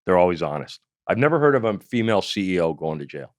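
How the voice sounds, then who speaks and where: A low-pitched, fast-talking middle-aged Canadian man, a comedian and one-time investigator, is the guest here. In the interview he recounts a profane story animatedly, acting out quotes along the way. No room sound comes through, and the studio audio is clean.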